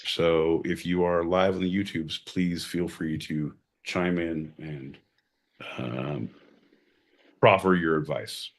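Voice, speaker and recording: A man's voice: deep voice, fairly even intonation, slow pace. A man co-hosting a podcast, bantering sardonically with mock-grand announcements and frequent swearing. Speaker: podcast co-host. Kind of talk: casual comedic banter.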